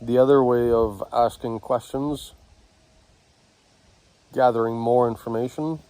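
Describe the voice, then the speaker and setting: A man teaching communication techniques, speaking in short halting phrases with pauses between them. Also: mid-range voice, fairly even intonation, dark tone, dry recording, poor audio. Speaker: communication instructor. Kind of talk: slow instructional talk.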